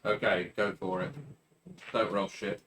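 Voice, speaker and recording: A man's voice: fairly low pitch, measured pace, very noisy. A man playing in a tabletop game, chatting casually and joking with the others. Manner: joking, swears freely, animated outbursts. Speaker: player.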